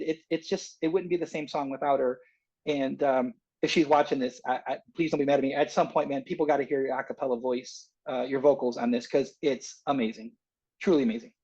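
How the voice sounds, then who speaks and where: Rambling, animated man telling a story. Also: on the high side, highs cut off. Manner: rambling and animated, with many restarts and fillers. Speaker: singer-songwriter guest. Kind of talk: casual storytelling interview.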